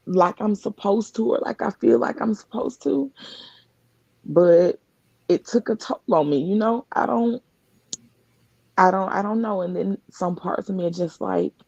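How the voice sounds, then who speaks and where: Husky, gravelly woman telling her story. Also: mid-range voice, a little mellow, no room sound, highs cut off. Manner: earnest, halting, often restarts mid-thought. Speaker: guest sharing her story. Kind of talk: emotional personal testimony on a live stream. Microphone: live video call.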